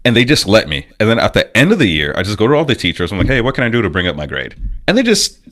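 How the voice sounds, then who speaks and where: A young man whose first language is French talks casually as a podcast guest. His voice sits very low yet sounds bright and forceful, with lively swings in pitch. He laughs and swears freely as he tells stories. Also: rapid-fire. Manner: laughing storyteller, swearing, animated retelling. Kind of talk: casual chat.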